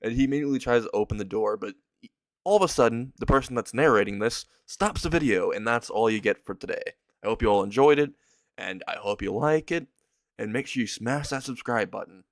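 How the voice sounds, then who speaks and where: A man's voice: medium pitch, lively intonation, a little fast, dry recording. A man narrating an improvised fan story in a rambling, chatty way, often breaking into laughter. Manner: rambling, laughs while telling. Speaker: channel host and storyteller.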